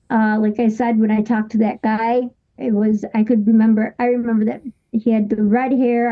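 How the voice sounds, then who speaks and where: A woman in her thirties, a guest on an interview show, telling a personal story in a halting way with many restarts and fillers. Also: on the high side, narrow, tinny audio.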